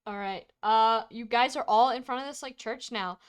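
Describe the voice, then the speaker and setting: A woman's voice: on the high side, normal speed, clear, resonant tone. A young woman narrating a tabletop role-playing game as game master, casual with frequent fillers. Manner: casual, many fillers, laughs along.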